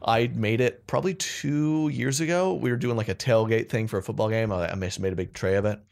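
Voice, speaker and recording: Low-voiced young man joking around. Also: fairly quick, gravelly, a little mellow. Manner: rambling, jokey, slips into silly put-on accents. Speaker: podcast co-host. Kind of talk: casual comedic chat.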